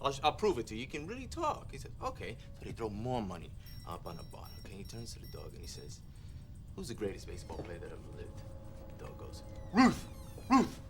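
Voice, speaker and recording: A brash, joking street cop with a lively, bouncing voice. He moves from gag-telling to slick undercover patter. Film music plays loudly beneath him. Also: on the low side, a little fast. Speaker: cop, posing as a gun dealer. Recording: film soundtrack with loud score.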